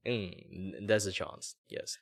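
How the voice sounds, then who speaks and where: A man in his thirties from Malaysia chatting casually, jumping between low and high voices to show them off. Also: takes it slowly. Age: 30s. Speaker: VTuber guest or co-host. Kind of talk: casual chat.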